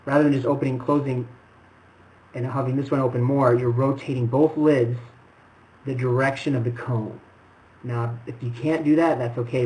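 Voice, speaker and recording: A man gives an animation critique in a patient, explanatory way, thinking aloud and demonstrating points. His pitch sits in an ordinary middle range, with a faint ambient hiss behind him. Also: darkish tone, low-quality recording. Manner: explanatory, demonstrating, talks through ideas with restarts. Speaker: animation mentor. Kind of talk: film critique lesson.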